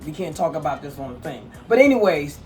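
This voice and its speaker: A woman whose accent blends Brooklyn with the South talks lively and casually at home. Her voice sits a little back from the mic, with soft music playing behind her. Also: low voice, brisk, far from the mic. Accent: mixed Brooklyn and Southern. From New York. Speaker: fashion collector showing her pieces. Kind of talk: casual chat on camera. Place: home kitchen.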